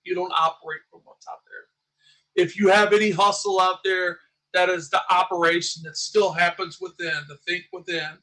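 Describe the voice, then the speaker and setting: A man riffs passionately to his small audience, circling back over his words as he builds up steam. His voice sits high and has a sharp, tense bite to it. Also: little pitch movement, moderate pace, low-quality recording. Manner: passionate, agitated rambling with many restarts. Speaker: small channel YouTuber. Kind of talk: livestream commentary.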